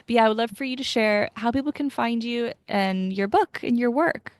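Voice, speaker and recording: A woman's voice: on the high side, normal speed, dry recording, studio quality. A young woman hosting a podcast interview, chatty and emotional, with lots of fillers. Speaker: podcast host. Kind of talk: casual interview chat.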